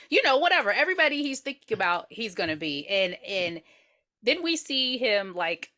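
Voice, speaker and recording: Podcast co-host: playful woman, bright and sing-song, sassy asides. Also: mid-range voice, big pitch swings, moderate pace. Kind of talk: casual TV recap chat.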